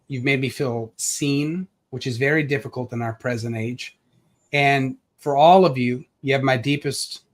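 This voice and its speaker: A man who is an author, speaking earnestly and reflectively at a live launch event over a video call, with pauses and filler words. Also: mid-range voice.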